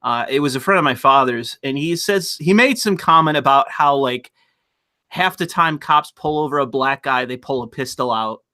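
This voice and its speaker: A man hosting a casual stream chat, talking animatedly and swearing often. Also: moderate pace. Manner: animated, profane, mimics people in high voices. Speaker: streamer host.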